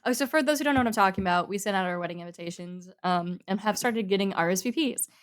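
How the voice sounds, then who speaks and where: A woman's voice: medium pitch, fast. A young adult woman co-hosting a podcast in casual chat, rambling and chatty with many fillers. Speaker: podcast co-host.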